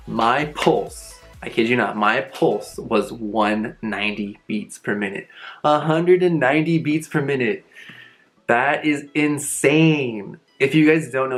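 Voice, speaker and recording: A young man with a slightly low voice tells a storytime vlog in a loose, chatty way. He piles on fillers and swears offhandedly as he goes, and faint music plays underneath. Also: rough recording. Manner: casual, animated retelling with frequent fillers and swearing. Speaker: vlogger.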